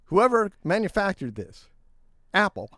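A man's voice: high voice, sing-song, unhurried, fairly bright tone, no room sound, clean studio sound. A middle-aged man co-hosting a casual news talk show, reading headlines and then riffing on them in a chatty way.

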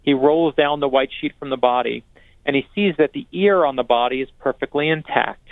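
Male author guest, energetic and earnest storyteller, gravelly, phone-quality audio. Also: medium pitch, dry recording. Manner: earnest, energetic, quick restarts and repetitions. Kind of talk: animated storytelling conversation. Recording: dry, narrow phone-like sound.

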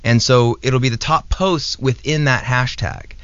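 A man, a knife maker and a guest on the show, explains things in a steady, step-by-step way with a mid-range voice. The sound is dry with no room echo, and slightly dull and lo-fi. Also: medium pitch, a little slow. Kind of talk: casual explanation.

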